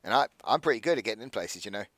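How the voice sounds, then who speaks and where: A man's voice: lowish voice, animated, a bit bright, no echo. A man voicing a brash, hard-drinking male rogue in a tavern who talks bluntly, curses freely and slurs his words. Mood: hushed, confiding. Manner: slurring, blunt, quick to curse.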